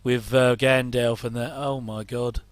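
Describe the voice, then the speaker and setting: A man's voice: medium pitch, flat delivery, a little slow, no room sound. A middle-aged English man rambling casually through a reaction commentary, with chatty, self-deprecating asides. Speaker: host.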